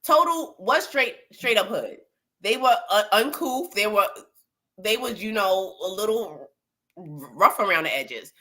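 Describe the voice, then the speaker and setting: A woman's voice: medium pitch, expressive, measured pace, pushed and bright. A woman co-hosting a casual gossip show, talking in a blunt, profane, rambling way full of restarts. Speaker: co-host.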